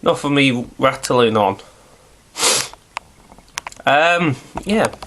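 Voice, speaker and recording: A man's voice: medium pitch, lively intonation, extremely slow, a bit bright, slight background noise. A man, stuffy and nasal from hay fever, rambling chattily through a casual video review and swearing now and then.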